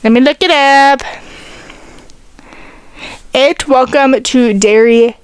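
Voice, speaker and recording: A chatty teenage girl rambles through her casual podcast with a fairly high voice. Her voice is smooth and clear, and the recording is dry and close. She talks in long loose runs and sometimes runs short of breath. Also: slow, no room sound. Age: teens. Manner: rambling, filler-heavy, talks to her cat. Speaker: podcast host. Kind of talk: casual chat.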